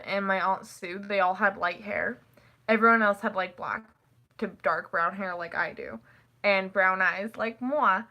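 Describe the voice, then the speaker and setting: A teenage girl chatting casually to the camera, rambling and packing her talk with "like" and quick laughs. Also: mid-range voice, bright, forceful tone. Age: teens. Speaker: vlogger.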